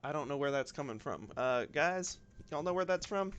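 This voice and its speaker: A man's voice: fairly high pitch, normal speed, clear, resonant tone. A man with a light Southern US accent, chatting casually on a live stream as he draws, rambling and talking to himself with frequent ums. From southern United States. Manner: relaxed, rambling, self-talk with many ums and y'alls. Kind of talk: casual live-stream chat while drawing. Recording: faint lo-fi music behind. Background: lo-fi music.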